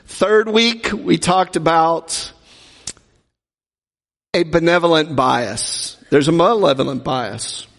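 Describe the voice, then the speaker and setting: A man's voice: a little high, slow pace, gravelly, long pauses, a bit bright, long reverb tail. A man preaching a teaching sermon, talking in a conversational way and often asking the audience questions. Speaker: pastor teaching a Bible class.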